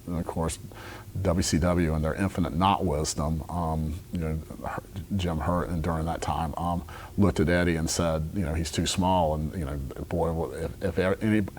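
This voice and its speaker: A man giving emphatic, somewhat halting commentary in an interview. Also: sits low, a little mellow, a little hiss or hum. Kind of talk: documentary commentary.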